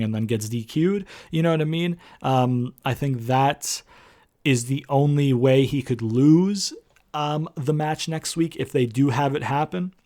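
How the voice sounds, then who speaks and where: A man's voice: medium pitch, normal speed, warm tone. A man reviewing a wrestling show on his own, rambling with many fillers and the odd casual swear word. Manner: rambling, lots of ums and you-knows, casual swearing.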